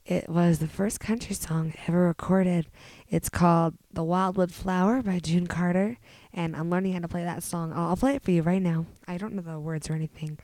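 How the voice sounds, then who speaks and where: A woman hosting her own podcast in casual chat, hoarse from a cold, talking in a rambling way with halting fillers. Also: on the low side, steady tone, dark tone, no room sound. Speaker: podcast host.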